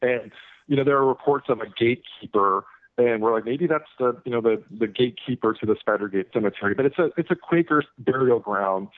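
A man who is a guest author talks casually, rambling with many fillers and restarts. His voice is mid-pitched. It comes through thin, phone-like radio audio with no room sound. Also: fairly quick, dry recording. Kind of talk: casual interview talk.

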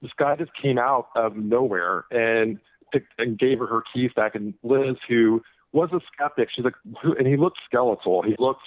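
A man who is a guest author talks casually, rambling with many fillers and restarts. His voice is mid-pitched. It comes through thin, phone-like radio audio with no room sound. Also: normal speed, no room sound. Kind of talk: casual interview talk.

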